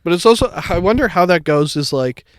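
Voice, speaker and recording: A young man co-hosting a casual podcast, telling stories in a rambling way full of "like" and laughter, jumping up in pitch when he acts out what friends said. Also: expressive, a little fast, clear, resonant tone, no room sound, clean studio sound. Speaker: podcast co-host. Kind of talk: casual chat.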